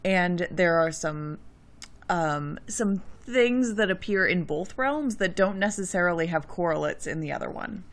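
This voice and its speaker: A woman's voice: fairly low pitch, expressive, a little slow. A woman co-hosting a book podcast, chatting casually and checking details with her co-hosts. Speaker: podcast co-host.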